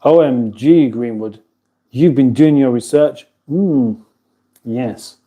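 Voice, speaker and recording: A man's voice: medium pitch, takes it slowly, mellow. A man hosting a casual kitchen livestream, chatting loosely and reading out viewer comments, often chuckling and breaking off his own sentences. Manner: rambling, chuckling, self-interrupting. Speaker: livestream host. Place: home kitchen.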